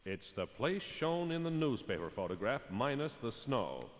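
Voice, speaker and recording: An actor playing a wisecracking male private eye who narrates in a dry, deadpan hard-boiled style. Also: mid-range voice, normal speed, in a large hall, natural voice. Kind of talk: 1990s hard-boiled detective voice-over.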